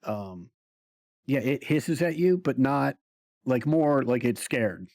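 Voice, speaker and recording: A man narrating a tabletop role-playing game as game master, slow and hesitant with many pauses and fillers. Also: mid-range voice, animated, darkish tone, dry recording, studio quality.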